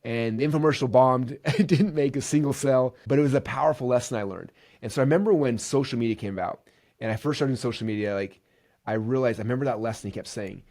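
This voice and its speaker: A man's voice: medium pitch, fast talker. A man hosting a podcast, telling stories in a casual, enthusiastic monologue full of "like" and "right". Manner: energetic, enthusiastic, many fillers like "like" and "right". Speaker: podcast host.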